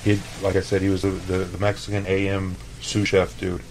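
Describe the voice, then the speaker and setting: Man from el paso, lowish voice, casual cursing storyteller, chef guest. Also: completely flat delivery, a little fast, a little mellow, slight background noise, poor audio. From El Paso, Texas. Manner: profane, laid-back storyteller.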